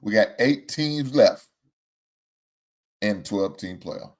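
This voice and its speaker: Speaking slowly in a lowish voice, a man hosts a casual sports talk show. He's animated and exclamatory, leans on Southern American slang, and laughs often.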